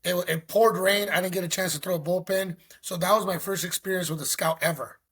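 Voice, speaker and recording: A man recounts a story as a podcast guest, animated and full of slang. His voice sits a bit high for a man and has a husky edge. He acts out what others said as he goes. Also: a little fast. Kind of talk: casual storytelling.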